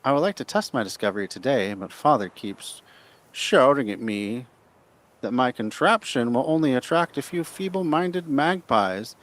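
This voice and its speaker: A man's voice: mid-range voice, animated, normal speed, fairly bright tone, natural voice. A man voicing a whiny, pompous spoiled young inventor while reading his note aloud.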